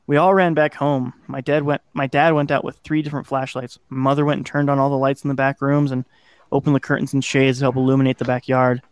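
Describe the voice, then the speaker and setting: A man's voice: medium pitch, level tone, fast talker, clear, resonant tone, dry recording. A man hosting a podcast, casually narrating a scary childhood story and swearing now and then. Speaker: podcast host.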